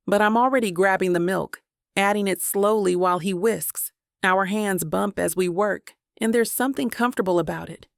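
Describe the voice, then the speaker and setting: A woman narrating a first-person romance audiobook with an intimate, even storytelling manner. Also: mid-range voice, normal speed, gravelly, no room sound, clean studio sound.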